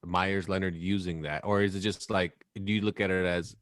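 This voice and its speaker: A man's voice: sits low, flat delivery, moderate pace, a bit bright, no echo, clean studio sound. A man in his thirties co-hosting a podcast in casual chat, rambling and swearing freely. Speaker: podcast co-host.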